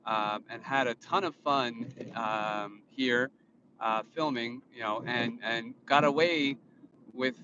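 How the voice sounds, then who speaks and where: Man, 30s, phone vlog in a car, rambling and indignant, muffled sound over steady road noise. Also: medium pitch. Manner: rambling, with many fillers and restarts; indignant, lecturing tone. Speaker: vlogger and father. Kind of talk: casual vlog monologue. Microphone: phone filming himself. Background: vehicle noise.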